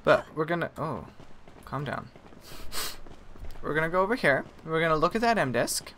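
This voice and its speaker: A man's voice: on the high side, animated, moderate pace, fairly bright tone, slight background noise. A man chatting through a live gameplay stream, rambling, correcting himself and grumbling at the game. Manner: chatty, self-correcting, mildly exasperated. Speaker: gaming streamer. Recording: game music behind.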